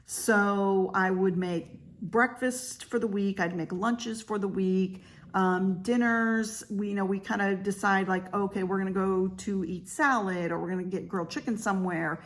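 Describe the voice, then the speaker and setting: A woman's voice: medium pitch, fairly even intonation, normal speed. A woman in her fifties talking candidly in a casual personal vlog, chatty with frequent fillers. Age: 50s. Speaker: vlogger; realtor.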